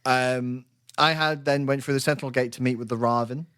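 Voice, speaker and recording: A man's voice: medium pitch, steady tone, a little fast, a bit bright, smooth. Rambling male podcast host. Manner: rambling storyteller, acts out own lines. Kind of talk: casual chat.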